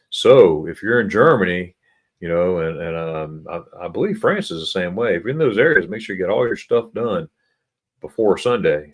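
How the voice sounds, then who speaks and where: A middle-aged man hosting a casual livestream, reading chat comments aloud in a halting way, often repeating words and chuckling. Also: sits low. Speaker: livestream host.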